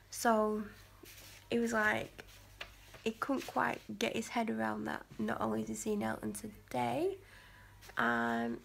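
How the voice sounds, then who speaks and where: A woman's voice: mid-range voice, vocal fry. A woman vlogger talking casually to the camera, rambling with many fillers and restarts.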